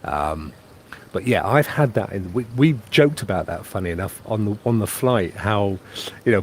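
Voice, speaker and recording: A man's voice: lowish voice, lively intonation, normal speed, a little hiss or hum. A man from England chatting casually on a live stream from a holiday pool, reading out viewer comments and rambling about his trip. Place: outdoors by a private pool on holiday.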